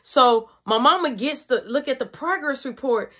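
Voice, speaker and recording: A woman's voice: high voice, animated, normal speed, fairly bright tone. A woman telling a personal story in casual, slangy, profane speech.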